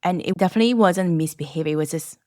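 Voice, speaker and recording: A woman in her thirties co-hosting a parenting podcast in relaxed, casual chat, laughing easily. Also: on the low side, rapid-fire, no echo, clean studio sound. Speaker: podcast co-host.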